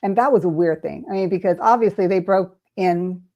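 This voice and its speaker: A woman's voice: lowish voice, a little fast, dull audio. An older woman, an intuitive reader, telling a personal story in an interview and acting out the voices she quotes. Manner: animated, acts out quoted voices.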